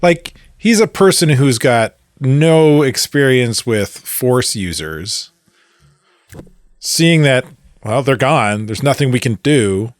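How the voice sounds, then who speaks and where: Male podcast co-host, calm and measured, mid pitch, dry sound. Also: no room sound. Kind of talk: casual film review chat.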